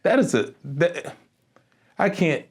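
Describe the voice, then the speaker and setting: Laughing, animated middle-aged man host. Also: a little high, takes it slowly, slightly rough. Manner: animated storyteller, laughs often, repeats words. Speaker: podcast host. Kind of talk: casual interview chat.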